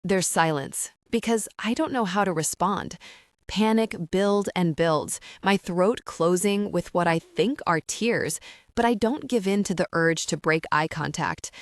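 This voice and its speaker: Woman, romance audiobook narrator, soft and measured, lowish voice, dry close recording. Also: no room sound.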